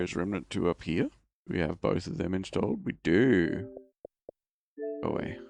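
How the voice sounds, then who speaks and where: A man's voice: low-pitched, lively intonation, unhurried, vocal fry, pauses often, darkish tone, no echo. A man streaming games, chatting casually in a rambling, self-mocking way. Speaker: game streamer. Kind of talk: casual game-stream chat.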